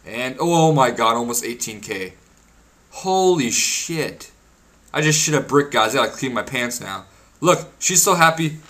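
A young man narrating his gameplay with a bright, sharp tone. He is excitable and crude, swearing freely and laughing or whooping when things go his way. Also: medium pitch, normal speed. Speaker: gaming video creator. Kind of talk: casual gameplay commentary.

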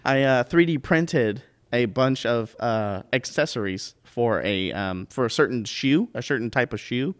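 A man's voice: medium pitch, lively intonation, unhurried, hardly any pauses. Easygoing hesitant male livestream host. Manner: easygoing, hesitant with frequent filler sounds. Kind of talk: casual chat.

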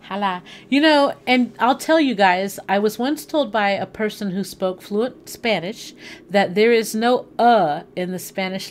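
A woman with a medium-pitched voice livestreams a video game from her living room, with slight background noise audible. She's chatty and animated, casually talking and thinking out loud as she plays.

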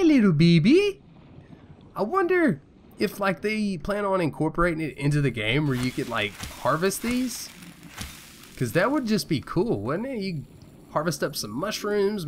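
A man's voice: sits high, a little hiss or hum. A man giving casual, rambling gameplay commentary as a video host, joking at his own expense and talking straight to his viewers. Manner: rambling, self-mocking, talks to viewers. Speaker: gaming YouTuber.

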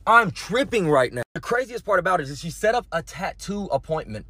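A young man telling a story to camera in a casual, animated way, full of slang and nervous laughter. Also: sits high, a little fast, dry recording. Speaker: TikTok storyteller.

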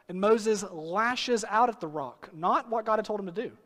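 A man preaching a sermon as pastor, earnest, slowing down on key phrases for emphasis. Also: high voice, expressive, fairly bright tone. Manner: earnest preaching with sudden slow emphatic phrases and acted quotes. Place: church sanctuary. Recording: long hall reverb.

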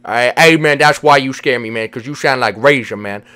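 A man's voice: mid-range voice, a little fast, bright, forceful tone, close to an everyday voice. A man voicing a laid-back Lego figure in a Minecraft role-play, ending lines with "man". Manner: drawling, says "man" every line.

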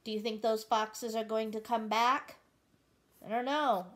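Slow, gentle woman reading a picture book. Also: fairly high pitch, fairly even intonation. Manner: gentle, asks the listener questions. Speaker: storybook reader.

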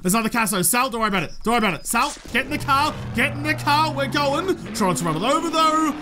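A woman with an Australian accent giving chatty, excitable gameplay commentary and talking to the characters on screen. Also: high voice, fast, background noise. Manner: chatty and excitable, talks to the game and her companion. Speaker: gaming video creator. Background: game music.

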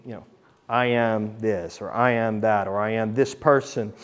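A man preaching a sermon, earnest, reading scripture aloud dramatically and swinging between loud emphasis and quiet low points. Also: fairly even intonation, a little slow.

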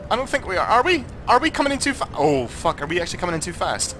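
A young Scottish man commentating on his own gameplay, tipsy, sweary and jokey, swinging between muttering and excited shouting. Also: high-pitched, quick pace, slight background noise. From Scotland. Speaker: gaming YouTuber.

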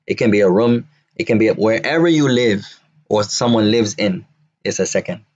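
A man teaching an Arabic lesson, repeating words slowly and drilling phrases to his students. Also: on the low side, darkish tone, lo-fi sound. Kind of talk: classroom lesson.

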